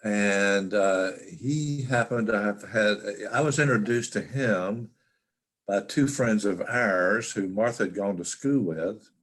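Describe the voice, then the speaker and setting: Older male guest on a video call; deep, slow, halting storyteller. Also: fairly bright tone. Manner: halting, with frequent restarts and fillers. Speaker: interview guest. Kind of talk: reflective personal storytelling.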